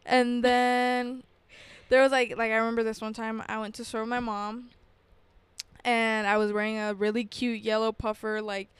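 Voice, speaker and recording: A young woman with a very smooth, clear, slightly high voice tells childhood stories on a podcast. She talks casually and lively, playing out what her parents said. The sound is close and dry. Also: moderate pace, no echo. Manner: storytelling, animated, acting out quotes. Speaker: podcast co-host. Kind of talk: casual chat.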